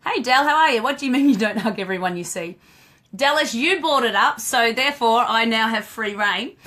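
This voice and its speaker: A woman's voice: a little high, lively intonation, brisk, pushed and bright. A woman, hosting a casual live stream as a dog trainer, chatty and laughing, greeting viewers by name.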